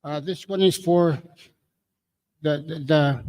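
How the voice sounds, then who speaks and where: A man emceeing a community meeting, calling out draw numbers slowly with jokes. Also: fairly high pitch, darkish tone. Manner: jokey, drawn-out number calling.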